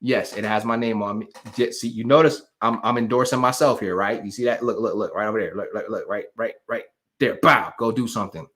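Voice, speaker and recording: A man's voice: lowish voice, fairly quick, fairly bright tone. A man hosting a live stream, giving a motivational pep talk to his viewers with emphatic, preacher-like repetition and a casual way of speaking to them directly. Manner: casual, talks straight to the audience.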